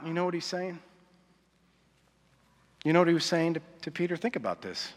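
Casting note: slightly high-voiced male pastor, chatty and confessional sermon, long hall reverb. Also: animated, normal speed, pauses often. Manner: conversational, confessional, asks the audience often.

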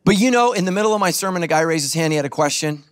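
A middle-aged male pastor preaching a sermon with animated, humorous storytelling. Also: on the high side, racing, clear, resonant tone.

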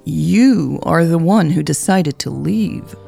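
A woman's voice: low-pitched, lively intonation, slow, vocal fry, soft background music, full character voice. A woman voicing a blunt, teasing young sister. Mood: insistent. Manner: teasing, frank, gently insistent.

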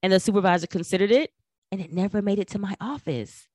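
A middle-aged woman giving career advice in an emphatic, animated talk, acting out quoted remarks. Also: mid-range voice, fast talker, dry recording, studio quality. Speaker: career coach. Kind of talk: instructional talk.

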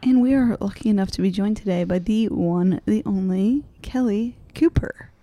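A woman in her thirties co-hosting a podcast, chatty and laughing often with quick asides. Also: medium pitch, mellow. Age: 30s. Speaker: podcast co-host. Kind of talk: casual chat.

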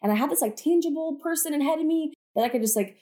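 A woman's voice: sits high, quick pace, dark tone. A woman hosting a podcast, talking to her listeners about faith in a chatty, earnest way, full of "like" and "you guys", and declaring things with conviction. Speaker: podcast host. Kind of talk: casual faith talk to listeners.

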